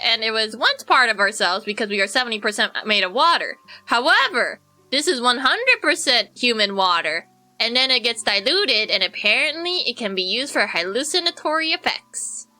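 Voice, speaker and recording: A woman's voice: fairly high pitch, pushed and bright. A young woman streaming a game, chatting in a rambling, jokey way and answering her chat. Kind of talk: casual gameplay commentary.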